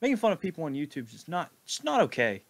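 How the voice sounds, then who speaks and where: A man giving mocking, deadpan sarcastic commentary over a video. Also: fairly high pitch, fast, no room sound. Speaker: video reactor.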